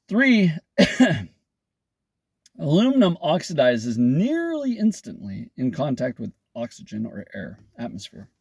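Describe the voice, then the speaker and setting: A man's voice: on the high side, gravelly, a little mellow, dry recording. A man with a welder's know-how, explaining technical problems in a casual talk with wry, sarcastic jokes. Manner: sarcastic, wry joking asides.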